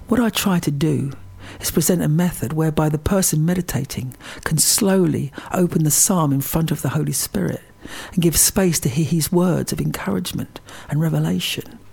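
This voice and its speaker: A man teaching Christian meditation in a slow, deliberate way, dwelling on single words and stressing each one in turn. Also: on the high side, creaky, darkish tone, slightly rough. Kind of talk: reflective teaching talk.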